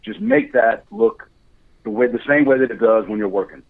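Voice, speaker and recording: A man's voice: mid-range voice, very animated, normal speed. A man guest chatting candidly on a podcast, telling stories with frequent laughs. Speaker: guest, motion capture director. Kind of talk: casual podcast chat. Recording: tinny phone-like line.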